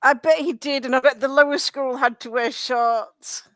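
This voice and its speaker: A woman's voice: sits high, steady tone, normal speed, a bit bright, no echo. A British woman co-hosting a casual live chat, teasing a viewer and laughing often. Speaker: co-host.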